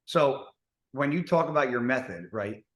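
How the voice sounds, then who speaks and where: A man who is a bodybuilder, chatting casually on a podcast and rambling through halting restarts. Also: mid-range voice, animated. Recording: roomy echo.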